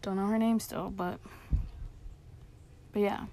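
A woman's voice: medium pitch, fairly even intonation, slow, mellow. Chatty young woman telling a story. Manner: chatty, lots of "like" fillers, quoting coworkers. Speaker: fast-food worker telling a work story. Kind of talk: casual storytelling vlog.

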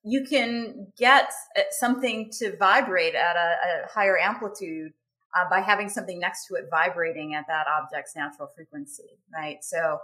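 A woman's voice: fairly low pitch, normal speed. A woman in casual conversation, mostly listening and answering with short acknowledgements. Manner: attentive listener, steady backchannels. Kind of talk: casual chat.

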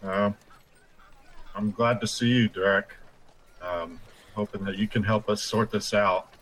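Man, tabletop player in character, low voice, slow hesitant speech. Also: steady tone, a bit bright, a little hiss or hum, rough recording. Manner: hesitant, halting. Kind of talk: speaking in character at a tabletop game.

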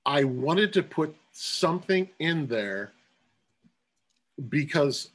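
A man's voice: a little high, slow pace, slightly rough, low-quality recording. A man, a guest in a casual chat, telling stories and acting out the voices of people in them. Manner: excitable storyteller, acts out quotes. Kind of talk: casual storytelling.

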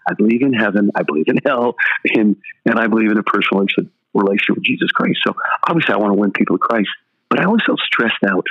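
A man's voice: on the low side, rapid-fire. An older man who is a pastor talks as an interview guest. He tells stories with energy and acts out the other people's dialogue. The recording sounds slightly muffled and lo-fi. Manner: animated storyteller acting out dialogue.

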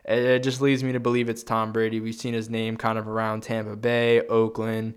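A man's voice: fairly low pitch, completely flat delivery, fairly quick, clean tone. A young man co-hosting a sports podcast, chatting casually in a rambling, profane way. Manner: profane, rambling, thinks aloud. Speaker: podcast co-host.

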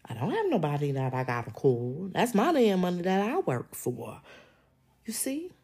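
A woman, holding forth on her podcast. Her voice rises and falls in big animated swings, and she scolds her listeners in a blunt, slangy way. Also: on the low side, normal speed, slightly rough. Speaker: podcast host. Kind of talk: casual opinion monologue.

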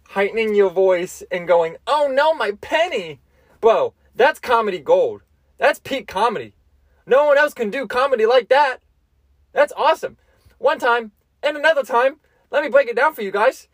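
A young man rambles through crude, self-amused stories on his solo podcast, often stopping and restarting mid-sentence. His voice sits a little high for a man. The recording is close and dry, with no room sound. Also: dry recording. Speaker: podcast host. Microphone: close mic, seated.

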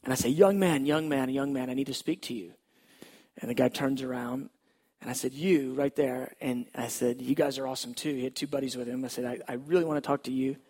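Man, gravelly, husky, storytelling testimony, sometimes hushed. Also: mid-range voice, fairly even intonation, brisk. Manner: conversational storytelling, drops to hushed tones at tender moments.

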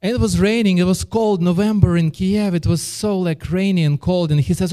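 A man's voice: sits high, fairly even intonation, brisk, few pauses, dark tone. A man preaching a sermon and telling a personal story, speaking earnestly and often repeating words as he restarts his phrases.

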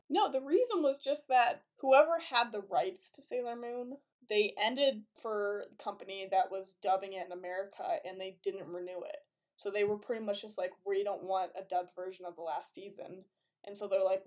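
A young adult woman co-hosting a podcast in casual chat, talking in a chatty, animated way and laughing as she talks. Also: medium pitch, a little fast. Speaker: podcast co-host.

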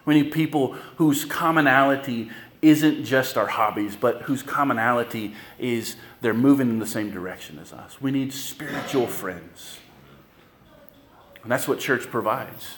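Animated pastor preaching in an echoey room. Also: male voice, medium pitch, normal speed. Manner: conversational, animated storytelling with asides to the congregation. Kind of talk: sermon.

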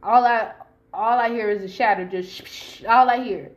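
A woman's voice: on the high side, normal speed. A woman from Long Beach, California, telling a personal story to camera in an emphatic, profane way, addressing her listeners directly. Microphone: camera mic while filming herself.

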